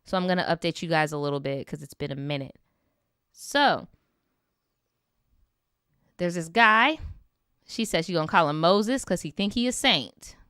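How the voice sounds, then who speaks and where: A young woman talks straight into a close, dry mic. Her voice is bright and smooth. She reads viewer stories and reacts with animated, slangy, sarcastic asides. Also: fairly low pitch, normal speed, pauses often, no echo. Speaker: streamer reading viewer stories. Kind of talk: casual storytime commentary.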